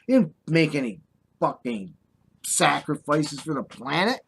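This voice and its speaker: Here an older American vlogger delivers a heated, reproachful rant straight to the camera, with drawled sarcasm along the way. His fairly high voice swings widely in pitch, runs a little slow, and sounds creaky over slight background noise.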